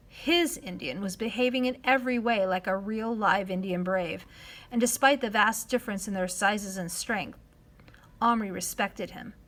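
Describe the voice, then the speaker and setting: A woman narrating a children's novel in a measured storytelling voice, dropping to a hush at times. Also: medium pitch. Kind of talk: reading a children's novel aloud.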